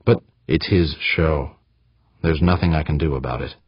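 An evasive male administrator who slows down and drops his voice low as he dodges the question. He is played by a narrator with a husky voice on a dry, slightly dull recording. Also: no room sound.

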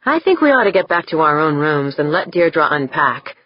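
A calm, sensible crewman keeping the group in line, as a woman narrator voices him. Her low, husky tone comes through slightly dull and dry. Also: normal speed, dry recording.

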